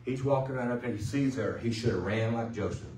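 A male pastor preaching a sermon in a loose, conversational way, joking and pausing for the congregation to answer. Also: mid-range voice, darkish tone, echoey room, far from the mic, a little hiss or hum, low-quality recording. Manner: conversational, joking, with call-and-response. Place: church sanctuary.

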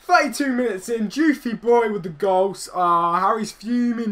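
A young man giving excitable, swearing commentary over his own football video game match, teasing his opponent. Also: high-pitched, normal speed, faint music behind. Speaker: gaming YouTuber. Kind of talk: live gameplay commentary.

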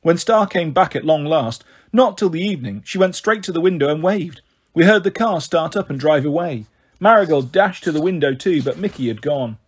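Male audiobook reader, slightly high, husky timbre. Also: animated, moderate pace. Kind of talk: reading a novel aloud.

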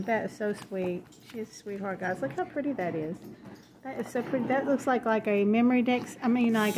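A woman's voice: a little high, slight background noise. A woman, chatting at home as she opens happy mail, gushing and easily delighted. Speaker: crafting vlogger opening happy mail. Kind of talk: casual chat. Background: paper crinkling, dogs in the house.

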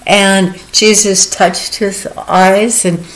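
Earnest woman retelling scripture, slow, heartfelt, chuckles often. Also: mid-range voice, fairly even intonation, rough recording. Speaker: devotional speaker. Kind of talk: informal Bible teaching.

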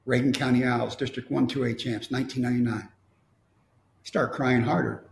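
A man's voice: medium pitch, creaky, a little mellow. A middle-aged man from Texas, telling a personal story in a wry way with quoted dialogue. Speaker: motivational speaker. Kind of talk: storytelling talk. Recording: echoey room.

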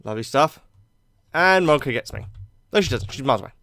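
A man giving excitable, chatty let's play commentary, joking and laughing often. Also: medium pitch, fast. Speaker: YouTube gamer.

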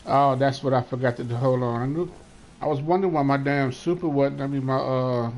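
A man's voice: medium pitch, a little fast, darkish tone. A man leading a raid on a live game stream, talking casually with mumbled asides as he plays. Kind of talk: casual gaming chat.

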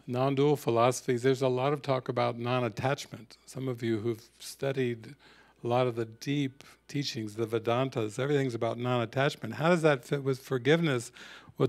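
A man teaching a spiritual retreat, telling stories and reflecting in a sermon-like talk. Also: mid-range voice. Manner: storytelling, reflective, quotes scenes.

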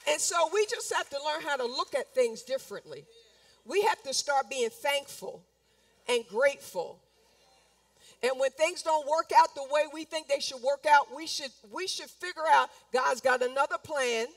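High-voiced woman preaching from a distance. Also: lively intonation, normal speed, no room sound. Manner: emphatic and repetitive, acting out complaints in quoted voices. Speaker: pastor. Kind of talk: sermon. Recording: speaking from a distance from the mic.

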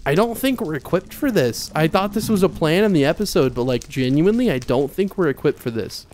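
A man's voice: a little high, a little fast, a little hiss or hum. A young man hosting a video game let's play, chatting casually and yelping with repeated words when things go wrong. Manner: animated, yelps and repeats himself when panicked. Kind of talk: excitable gameplay commentary. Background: soft game music.

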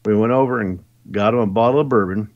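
A man's voice: on the low side, fast, no echo. A man in casual podcast chat, brash and swearing as he tells stories. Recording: dry, slightly dull sound.

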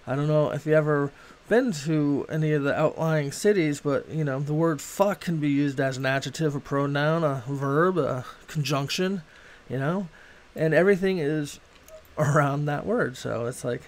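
A man's voice: fairly high pitch, normal speed. A middle-aged man from Boston chatting casually on a gaming livestream, rambling with plenty of filler and swearing freely. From Boston, USA. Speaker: game streamer.

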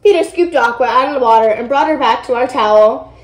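A young female host reading a children's picture book aloud in an expressive, sing-song way. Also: a little high, fairly quick, roomy sound, low-quality recording. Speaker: read-aloud channel host.

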